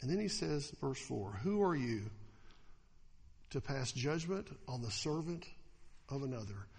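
A man preaching a sermon as pastor, animated, slipping into mocking voices to act out the attitudes he describes. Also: mid-range voice, unhurried, vocal fry, big-room sound.

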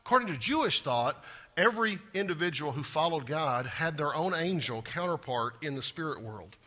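Bright, husky-voiced male preacher. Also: fairly high pitch, normal speed. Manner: animated, acts out scripture quotes with rising intensity; asks the congregation direct questions. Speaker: pastor. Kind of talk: sermon.

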